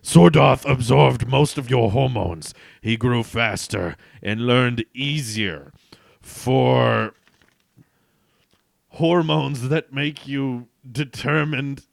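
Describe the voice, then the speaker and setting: A man doing a booming strongman hero. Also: drawn-out words, gravelly, dry recording, clean studio sound, heavily acted. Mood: earnest.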